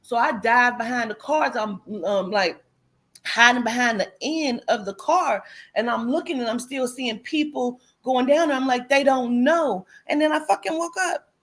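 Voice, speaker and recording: Animated woman telling a dream story. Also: a little high, moderate pace. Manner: animated, profane, acts out quotes. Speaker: host. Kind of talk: casual storytelling.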